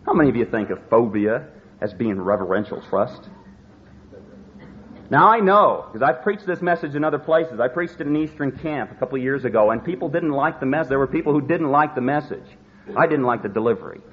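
A man's voice: mid-range voice, expressive. Guy preaching a sermon, leans hard on words, kinda dull lo-fi recording w faint hiss. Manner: emphatic, slows down to stress words.

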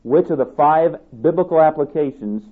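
A man's voice: fairly high pitch, normal speed. A man preaching a sermon, reading scripture aloud and driving his points home with emphatic repetition. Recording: tinny phone-like sermon tape.

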